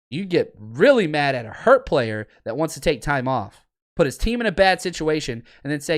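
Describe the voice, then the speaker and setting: A man's voice: on the high side, moderate pace. A man hosting a fan podcast on a livestream, ranting with heat about his team and then answering chat in a looser, easy way. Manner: fired-up, animated fan ranting, then laid-back reading of chat. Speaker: podcast host; high school football coach. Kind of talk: livestream podcast talk with chat shout-outs.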